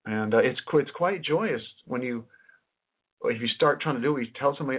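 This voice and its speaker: A man's voice: mid-range voice, fairly quick, slightly rough. A man giving a rambling lecture as a researcher, musing aloud and often repeating and restarting his phrases. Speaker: independent researcher giving a presentation. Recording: tinny lo-fi recording.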